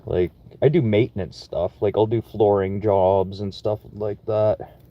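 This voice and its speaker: A young man from Manitoba talks in a low voice, swearing freely as he rambles casually about work and money. His delivery is relaxed and chatty, and the recording sounds dull and lo-fi. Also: measured pace. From Manitoba, Canada. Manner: profane, laid-back and chatty. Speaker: construction worker vlogging.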